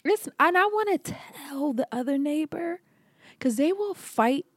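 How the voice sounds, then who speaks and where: With a high voice and a measured pace, a young woman co-hosting a podcast spins stories in easygoing chat. She animates them by acting out the quoted lines, and the recording is dry.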